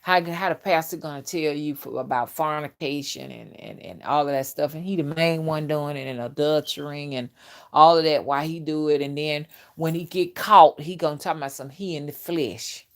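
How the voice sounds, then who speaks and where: A spiritual reader talks in a blunt, graphic, unfiltered casual monologue and often laughs. Her voice sits somewhat low for a woman. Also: moderate pace.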